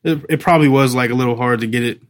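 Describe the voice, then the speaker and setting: A man's voice: medium pitch, rapid-fire. A man co-hosting a casual movie review podcast, chatty, laughing often and trailing off while he searches for names. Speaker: podcast co-host.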